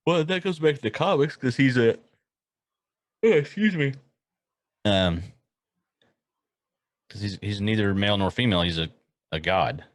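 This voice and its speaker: Very low-voiced guy on a podcast, dry close sound, laid back, mostly just agreeing. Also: moderate pace, pauses often, no echo. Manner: relaxed, short agreeing replies. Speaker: podcast co-host. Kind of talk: casual chat.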